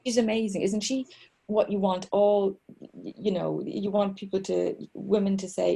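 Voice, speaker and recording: A woman's voice: medium pitch, fairly even intonation, measured pace, vocal fry, dark tone, breathy edge. A middle-aged woman, chatting as an author guest over a video call from home, rambling and self-mocking with many restarts. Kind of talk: casual chat.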